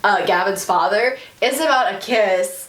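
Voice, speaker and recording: A woman co-hosting a casual book podcast, recapping a plot with lively swearing and quick character voices. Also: medium pitch, reverberant, recorded from a distance. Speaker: podcast co-host.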